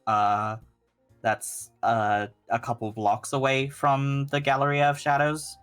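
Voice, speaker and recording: Slow, measured game master man. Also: mid-range voice, completely flat delivery, fairly bright tone, clear, resonant tone, faint music behind. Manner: unhurried, thinks aloud while describing. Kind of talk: describing scenes for a tabletop game.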